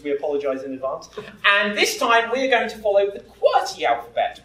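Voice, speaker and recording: A man hosting a live improv comedy show, jokey and self-deprecating, quickly setting up games. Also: high voice, fairly bright tone, distant mic. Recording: roomy stage sound from afar.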